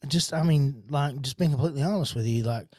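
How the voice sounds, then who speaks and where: A man's voice: mid-range voice, normal speed, darkish tone, no echo, clean studio sound. Rambling man on a solo podcast. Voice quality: self-described horrible accent. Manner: rambling, many restarts and fillers. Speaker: podcast host. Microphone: studio podcast mic.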